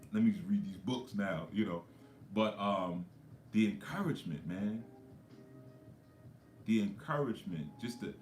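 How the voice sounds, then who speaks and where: Low-voiced New man telling stories. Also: roomy sound. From New York. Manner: conversational, storytelling, with frequent asides. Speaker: spiritual coach. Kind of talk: livestream talk.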